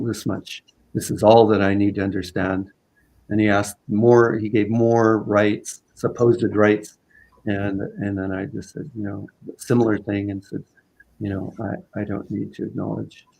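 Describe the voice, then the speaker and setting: A man from Southern Vancouver Island, Canada, with a low, gravelly voice tells a story as a guest in a relaxed conversation. His phrasing is halting and unpolished, full of "uh" and restarts as he searches for words. The recording is low quality.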